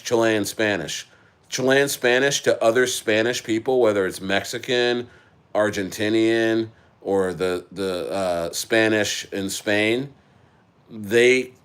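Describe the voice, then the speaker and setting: A man hosting a casual crypto livestream, rambling with many halting restarts as he answers his chat. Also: on the low side, clear, resonant tone. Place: living in Chile.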